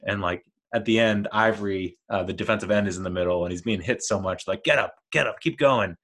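A man's voice: lowish voice, a bit bright. A man giving a casual, rambling, enthusiastic film commentary as a movie reviewer.

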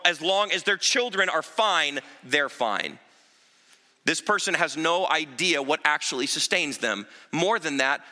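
A man preaching a sermon as pastor, conversational, dropping low and quiet to land his points. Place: church sanctuary. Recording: reverberant hall.

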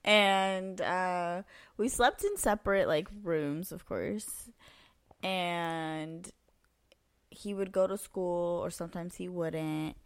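A woman's voice: lowish voice, slow pace, smooth. A young woman co-hosting a podcast, telling personal stories in casual chat, full of "like" and "um". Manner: chatty storytelling, lots of "like" and "um". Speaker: podcast co-host.

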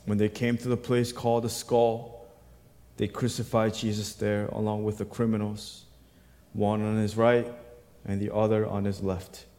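A male pastor preaching a sermon, reading scripture aloud and building to loud, emphatic bursts before dropping back to a quiet voice. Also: lowish voice, level tone, moderate pace. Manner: reads scripture aloud, acting out the quoted voices. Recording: long hall reverb.

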